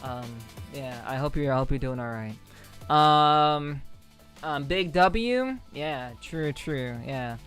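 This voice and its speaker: This New York City-area streamer speaks slowly in a low, expressive, slightly bright voice, soft music playing behind her. She chats casually with her viewers, rambling and swearing, with lots of ums and bouts of laughter.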